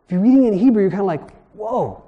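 A man's voice: high voice, racing, phone-quality sound. A man from Hawaii teaching a sermon in a conversational way, asking his listeners questions as he explains. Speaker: preacher.

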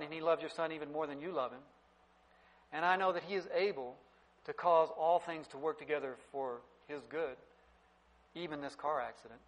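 A middle-aged man preaching a sermon, telling stories and swinging from loud to quiet. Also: fairly high pitch, low-quality recording. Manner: storytelling preacher, wide swings in loudness. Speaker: pastor.

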